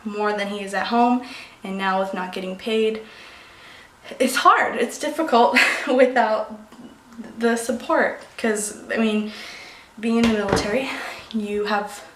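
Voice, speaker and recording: A woman's voice: medium pitch, a little slow, long pauses. A young pregnant woman chatting casually in a vlog, rambling and emotional, losing her sentences. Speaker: beauty vlogger. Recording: echoey room, faint noise.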